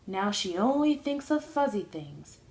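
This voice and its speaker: A woman's voice: mid-range voice, big pitch swings, a little slow, darkish tone. Sing-song young woman reading a storybook. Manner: sing-song rhyming delivery. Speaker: book blogger reading aloud. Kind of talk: storybook read-aloud.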